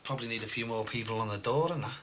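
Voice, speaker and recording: A man's voice: mid-range voice, rapid-fire, close to an everyday voice. An actor playing a cocky man who teases and brags about his money. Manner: smug, teasing, boastful. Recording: noisy TV broadcast sound.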